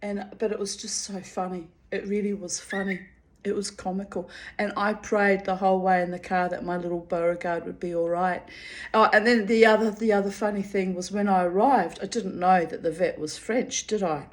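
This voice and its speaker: A woman recounting a personal mishap in a loose, chatty storytelling voice. She giggles through her words and swears without a second thought. Her pitch sits in an ordinary middle range for a woman. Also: fairly even intonation, normal speed. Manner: giggly, breaks into laughter often, candid and profane. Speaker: storyteller reading her own diary.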